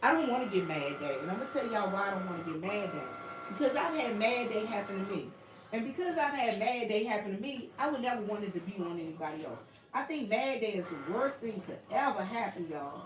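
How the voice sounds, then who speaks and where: A woman's voice: mid-range voice, animated, fairly quick, echoey room, recorded from a distance, noisy background. Southern woman chatting to viewers, off-mic. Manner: heartfelt, repetitive, addresses viewers as y'all. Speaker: YouTube livestream host. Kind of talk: casual livestream chat to viewers. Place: home workshop with a printer running.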